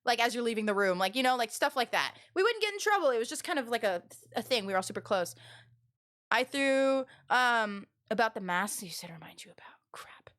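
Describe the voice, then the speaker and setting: A young woman streaming live, telling rambling stories to her chat in a loud, animated way with lots of fillers. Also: on the high side, a little fast. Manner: loud and expressive. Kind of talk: casual storytelling to a live chat.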